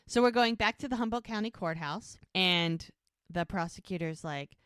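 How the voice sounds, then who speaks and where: A woman's voice: mid-range voice, moderate pace, dry recording, clean studio sound. A woman co-hosting a podcast, casually retelling scenes from a TV episode and briefly voicing the characters' lines. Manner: animated retelling, brief quoted character voices. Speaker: podcast co-host recapping a TV episode.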